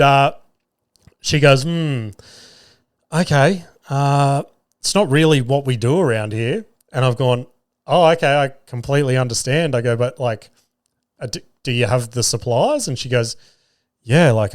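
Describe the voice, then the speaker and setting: A man's voice: medium pitch, no room sound, studio quality. A young adult Australian man hosting a podcast, telling a story in casual chat and acting out the dialogue, swearing freely. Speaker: podcast host.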